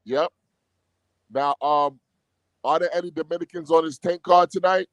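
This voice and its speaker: A man calling in to a boxing chat, talking in a relaxed way and laughing easily. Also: on the high side, normal speed, no echo, low-quality recording. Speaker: guest caller. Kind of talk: casual chat.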